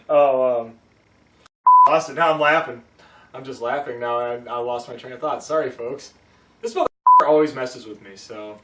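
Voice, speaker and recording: A man co-hosting a casual movie review chat, laid-back and quick to laugh. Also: medium pitch, noisy background. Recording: roomy echo, mic at a distance.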